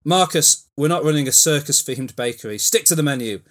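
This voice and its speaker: A man playing a bossy head chef who snaps at his kitchen crew. He reads a notch higher and louder than his usual talk, in a plain and brusque way with little put-on voice. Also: a little fast, lightly acted. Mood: stern. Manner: brusque read-aloud scolding. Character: demanding no-nonsense male head chef.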